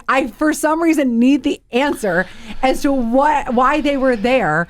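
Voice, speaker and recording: A middle-aged woman co-hosting a casual talk show, chatty and confessional, quick to laugh. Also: high-pitched, lively intonation. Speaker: co-host. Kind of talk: casual chat.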